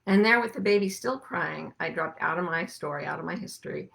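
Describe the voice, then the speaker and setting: A middle-aged woman hosting a reflective spiritual talk, speaking gently and musing, slowing down to stress her points. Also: sits low, creaky. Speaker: podcast host and life coach.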